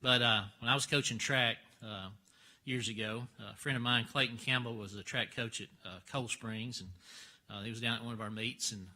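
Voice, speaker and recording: Bright-toned man, folksy, halting Bible class teacher. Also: medium pitch, steady tone. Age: older. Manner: folksy, halting, many fillers and restarts.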